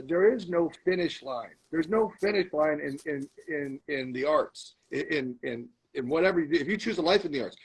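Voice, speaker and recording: Guest spot: middle-aged man, husky, slightly higher voice, lively storyteller who acts out scenes. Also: low-quality recording. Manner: animated storyteller, acts out arguing with himself. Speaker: guest, comedian and actor. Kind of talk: storytelling in a podcast interview.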